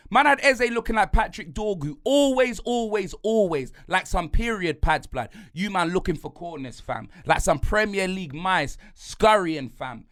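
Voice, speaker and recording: A young man with a London accent, hosting a sports podcast and ranting in rapid, slang-heavy banter. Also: high voice, fairly bright tone. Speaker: podcast host.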